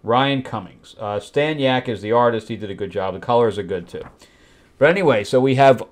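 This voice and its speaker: Brisk and mid-range, this man hosts a comic book review show with blunt, frustrated critique. He flips through the pages and ridicules the characters by quoting them in put-on voices.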